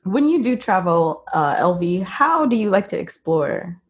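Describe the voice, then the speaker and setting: A woman hosting a casual interview, relaxed and laughing easily as she asks questions. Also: mid-range voice, a little slow, muffled recording. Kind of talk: casual conversation.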